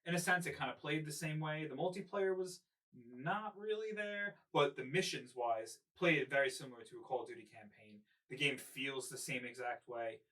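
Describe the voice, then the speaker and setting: A man with a bright, sharp tone talks casually on a podcast, thinking aloud with frequent ums. He sits a little away from the mic, so his voice sounds slightly distant. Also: mid-range voice, normal speed. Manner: relaxed, thinking aloud with many ums and likes. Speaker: podcast co-host.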